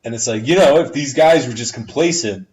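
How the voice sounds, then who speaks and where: A man's voice: mid-range voice, a little fast, a little mellow. A man in a casual podcast chat, giving frank, candid advice to a friend and swearing freely. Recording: roomy, distant, dull lo-fi audio.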